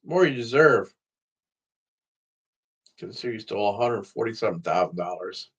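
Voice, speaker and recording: A man's voice: on the low side, lively intonation, moderate pace, slightly rough. A man talking straight to the camera in a casual vlog, rambling and swearing freely. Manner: profane, rambling talk to camera. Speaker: vlogger.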